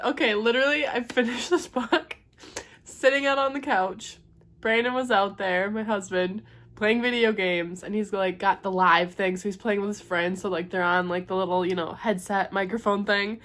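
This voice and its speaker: A young woman chatting at home in a casual book vlog, gushing and excitable. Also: mid-range voice. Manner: gushing and excitable, quick to squeal. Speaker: book vlogger.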